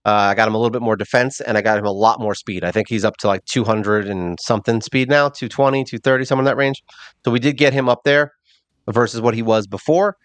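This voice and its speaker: A man's voice: mid-range voice, fairly even intonation, fast talker, dry recording. Rambling self-mocking male game commentator. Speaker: mobile game channel host. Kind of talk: casual gameplay commentary.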